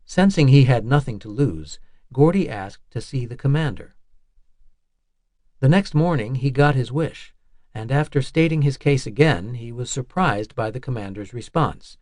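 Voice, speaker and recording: A man reading a nonfiction audiobook in a measured, even narration style. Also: medium pitch, dry recording, clean studio sound.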